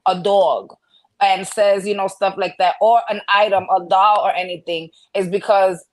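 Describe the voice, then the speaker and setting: A woman's voice: mid-range voice, steady tone, normal speed, low-quality recording. A woman co-hosting a casual podcast chat, frankly explaining her take on things. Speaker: podcast co-host.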